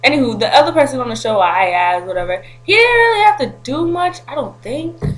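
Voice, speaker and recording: A woman vlogging to camera, telling a story in an animated, slangy way with frequent laughter. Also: sits high, fairly quick, soft background music, rough recording.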